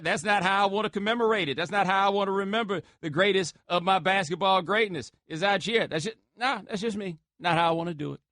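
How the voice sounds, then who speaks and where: A man's voice: high voice, fairly bright tone, dry recording. A man hosting a sports talk radio show from a studio, taking callers in a loose, joking way with slangy asides. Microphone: studio microphone.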